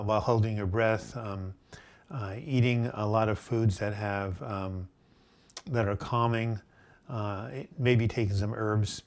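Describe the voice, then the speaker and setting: Hosting a live chat, a middle-aged man reads out questions from viewers and responds with gentle advice. His voice leans low, and he often uses fillers and restarts sentences.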